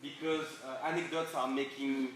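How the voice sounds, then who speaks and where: A man's voice: medium pitch, flat delivery, normal speed, fairly bright tone. A man with a French accent giving a chatty workshop talk, full of fillers, restarts and laughs. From France. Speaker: guest speaker. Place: event hall with audience. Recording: echoey hall from far off, audience.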